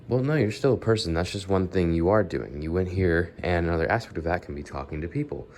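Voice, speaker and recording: A young vlogger with a cold talks straight to his viewers in an unscripted, rambling monologue, correcting himself as he goes. His nasal voice sits low and a little mellow, he talks fast, and there is slight background noise.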